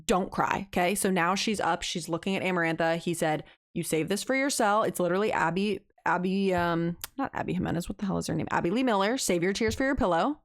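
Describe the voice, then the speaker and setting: A young woman co-hosting a podcast, casually retelling a book's plot in an animated way. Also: on the low side, fast, hardly any pauses, no echo, studio quality. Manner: animated retelling with acted quotes. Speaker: podcast co-host. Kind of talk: casual book recap chat.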